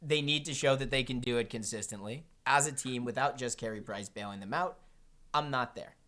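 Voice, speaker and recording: A man co-hosting a casual sports podcast, talking at a middling pitch. He jokes and ribs his partner as he walks through the week's games in a loose, chatty way. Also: brisk, bright, forceful tone. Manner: teasing, joking, chatty. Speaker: podcast co-host.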